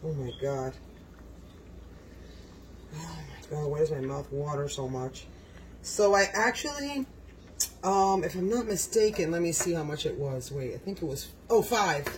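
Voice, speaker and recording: A man's voice: fairly high pitch, unhurried, pauses often, poor audio. An effusive man with a slightly raised voice gives a casual cooking demonstration in his home kitchen. He speaks directly to his viewers and gushes over each dish. A faint room hum sits behind him. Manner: effusive, exclaims often, talks to viewers. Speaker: home cook vlogger.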